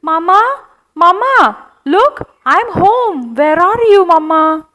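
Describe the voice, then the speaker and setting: A small boy monkey from a children's puppet show speaks in a high, childlike voice, as a woman plays him. He talks slowly and earnestly. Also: very animated, bright, forceful tone, exaggerated voice, low-quality recording. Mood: excited. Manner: childlike, slow and plaintive. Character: little lost boy monkey, sweet and earnest.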